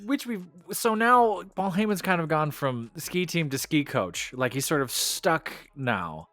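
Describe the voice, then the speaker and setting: A man co-hosting a wrestling podcast in casual chat, opinionated and animated, laughing often. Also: a little high, measured pace, no room sound.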